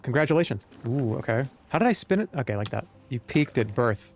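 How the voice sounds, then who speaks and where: A man's voice: mid-range voice, lively intonation, a little fast, slight background noise. A man streaming a game live, chatting to viewers in a joking, rambling way. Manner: joking, rambling, talks to chat. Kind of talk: live-stream gameplay commentary.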